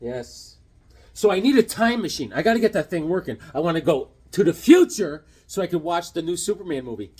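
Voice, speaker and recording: A middle-aged man chatting casually about his comic books, an animated storyteller who acts out voices as he goes. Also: a little high, a little fast, slightly rough. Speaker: comic book vlogger. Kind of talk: casual show-and-tell chat.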